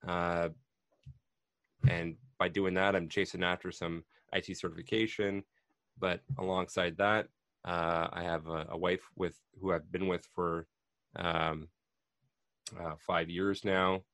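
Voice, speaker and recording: A man in his thirties with a very low, deep voice hosts a casual podcast. He talks nervously, rambling with plenty of fillers and restarts. The sound is dry and close. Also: level tone, a little slow, a bit bright, no room sound. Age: 30s. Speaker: podcast host.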